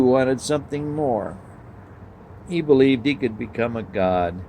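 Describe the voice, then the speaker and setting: A man reading a story aloud and then preaching a sermon, measured, asking the listeners questions. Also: mid-range voice, lively intonation, gravelly, dark tone, a little hiss or hum, rough recording.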